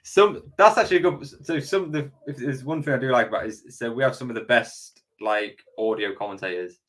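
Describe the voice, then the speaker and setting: An English man with a plain mid-pitched voice, talking in an easygoing, halting way. He starts sentences over and drops in the odd swear word like it's nothing. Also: fairly bright tone. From England. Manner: laid-back, hesitant, swears casually. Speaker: podcast co-host. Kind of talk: casual chat.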